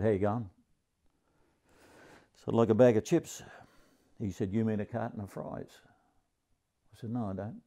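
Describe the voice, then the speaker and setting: Deadpan and grumpy, an Australian-accented man in his seventies tells a crude stand-up comedy story in a medium-pitched voice.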